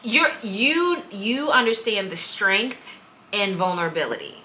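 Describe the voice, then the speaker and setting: A woman, a singer and co-host, chatting casually in an expressive, reflective way. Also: medium pitch, a little slow, slight background noise. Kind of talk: casual chat.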